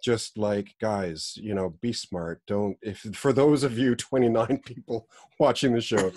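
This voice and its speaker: A man co-hosting a podcast, talking in a laid-back, earnest, halting way. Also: on the low side, fairly even intonation, mellow, dry recording, clean studio sound. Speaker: podcast co-host. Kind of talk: casual podcast banter.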